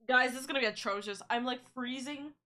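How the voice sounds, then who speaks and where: Bright-voiced woman streamer chatting. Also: high-pitched, quick pace. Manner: chatty, reads out and thanks chat messages; rambling, self-interrupting asides. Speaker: VTuber streamer. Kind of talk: casual live-stream chat.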